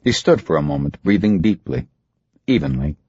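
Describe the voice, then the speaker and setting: A male audiobook narrator with a very low, husky voice, reading dramatically with lively swings in pitch. The recording is dry, close and a little muffled, lo-fi. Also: normal speed, dry recording.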